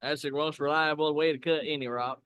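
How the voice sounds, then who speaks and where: Smooth, upbeat man chatting on a live stream. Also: a little high, fairly even intonation, brisk, fairly bright tone, dry recording, studio quality. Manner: upbeat, chatty, reads out viewer comments. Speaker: co-host of a live rock-cutting stream. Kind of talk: casual live-stream chat. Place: lapidary shop.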